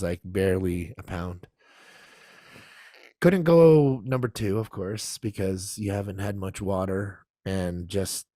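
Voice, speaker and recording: A man casually telling a story on a podcast, animated and laughing as he acts out the people in it. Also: fairly low pitch, no room sound, studio quality. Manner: animated, acts out quoted voices, laughs often. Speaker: podcast guest.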